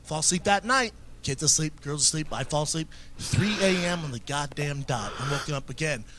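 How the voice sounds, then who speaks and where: A man's voice: a little high, brisk, background noise. A man in his thirties performing a stand-up comedy set, telling crude, profanity-heavy stories. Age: 30s. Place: stage in front of a live audience.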